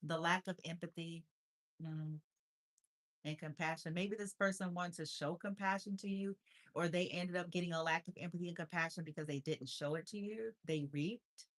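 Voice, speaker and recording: A woman, talking in high baby talk to her cat, then giving a tarot reading in an unhurried, repetitive way. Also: steady tone. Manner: unhurried, repeats itself. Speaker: tarot reader. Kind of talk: casual chat with her cat.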